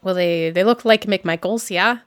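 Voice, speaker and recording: A woman playing a wary, gruff old aunt and clan elder, grumbling in a lowered voice, with a dry close sound. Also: a little slow, a bit bright, dry recording, close to an everyday voice.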